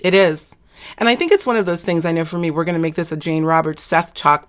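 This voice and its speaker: A woman hosting an interview, chatty and quick to laugh, losing her voice and clearing her throat. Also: fairly low pitch. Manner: chatty, laughs often, many fillers. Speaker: podcast host. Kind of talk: casual interview chat.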